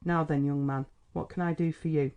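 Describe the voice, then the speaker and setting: A man voicing a gruff, testy country doctor in a storybook, brusque and sober. The tone is mellow and warm, close to the reader's own voice. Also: a little high, steady tone, moderate pace, lightly acted. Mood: stern. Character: stern, gruff middle-aged male country doctor. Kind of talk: audiobook character reading.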